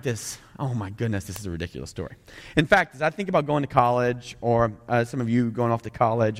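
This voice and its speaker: Southern guy preaching, chatty and jokey, normal pitch, big reverby hall. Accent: Southern American. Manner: animated, conversational, jokey asides to the crowd. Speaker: pastor. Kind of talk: sermon. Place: large room with a couple hundred people.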